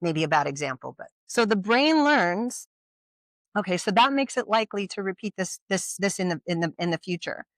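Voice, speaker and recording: A presenter giving an informal educational talk at a community workshop. They speak conversationally, with frequent rhetorical questions and quick check-ins with the audience. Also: mid-range voice, expressive, a bit bright, dry recording. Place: community event at a brewery.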